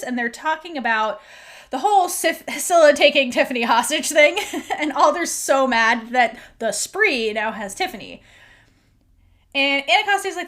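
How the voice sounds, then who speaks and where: A woman's voice: a little high, fairly bright tone. A woman podcast host recapping a TV episode in a chatty way, full of "like" and half-acted lines from the characters.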